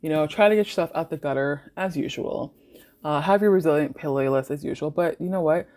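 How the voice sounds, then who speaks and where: Young canadian woman podcasting, kinda low voice, swears a lot, says like constantly, laughs a bunch. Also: brisk, a little mellow. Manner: swears freely, laughs often, fillers like "like". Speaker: podcast host. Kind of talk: casual storytelling monologue.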